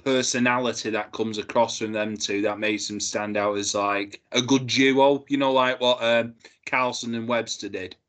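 A man co-hosting a casual podcast, jokey and loose in his delivery. He speaks at a middle pitch and often stumbles and restarts mid-sentence. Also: fairly even intonation, a bit bright. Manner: jokey, halting, full of restarts. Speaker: podcast co-host. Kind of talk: casual review chat.

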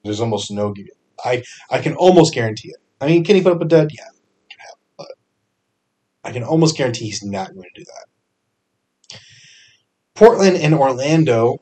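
A young man hosting a fantasy sports podcast, talking casually with energetic bursts and frequent fillers. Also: mid-range voice, moderate pace, pauses often. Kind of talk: casual solo podcast picks.

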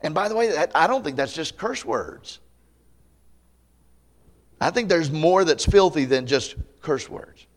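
A man pastor preaching a camp meeting sermon to a congregation, conversational and folksy, with humor and loud emphatic peaks. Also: medium pitch. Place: church meeting before a live congregation.

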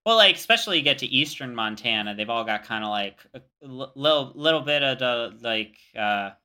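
A man's voice: medium pitch, expressive, pushed and bright, clean tone. A young man co-hosting a podcast, chatting casually with lots of fillers and restarts. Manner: halting, many fillers and restarts. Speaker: podcast co-host. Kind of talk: casual chat.

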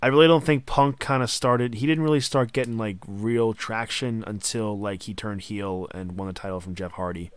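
A man hosts a casual podcast, walking his guests through wrestling history and now and then checking his notes. His voice sits a little low. The sound is dry and close, with no room around it. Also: steady tone, normal speed, few pauses, smooth, no echo. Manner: conversational, recounting wrestling history partly from notes. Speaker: podcast host.

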